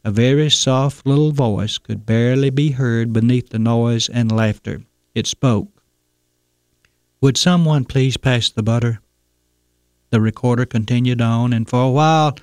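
Male radio host, measured folksy storytelling, dry close studio sound. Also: mid-range voice, steady tone, darkish tone, smooth, no echo. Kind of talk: scripted radio commentary, storytelling.

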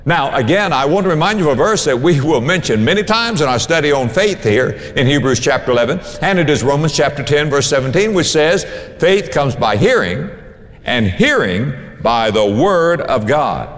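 A man's voice: a little high, big pitch swings, moderate pace, fairly bright tone, in a large hall. A male pastor preaching a sermon, emphatic, repeating key phrases to drive them home.

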